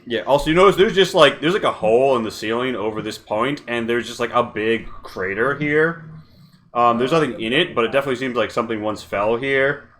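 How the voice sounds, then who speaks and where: A man narrating as game master in a tabletop game, casual and halting with fillers. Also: medium pitch, a bit bright, a little hiss or hum.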